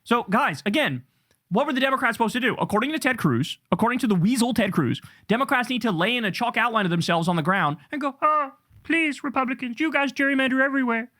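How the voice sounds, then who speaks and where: A man's voice: high-pitched, animated, fast talker, sharp tone. Heated, profane man ranting. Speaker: political commentator. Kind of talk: ranting commentary.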